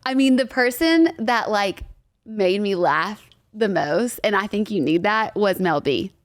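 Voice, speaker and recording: A woman's voice: medium pitch, expressive, unhurried, dry recording, clean studio sound. A woman guest chatting casually on a podcast, giggly and full of fillers like "like". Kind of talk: casual chat.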